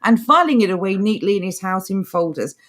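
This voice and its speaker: A woman's voice: mid-range voice, expressive, brisk, a bit bright. A woman on a podcast, reading articles aloud and answering them with sarcastic, mocking remarks in casual chat. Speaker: podcast co-host.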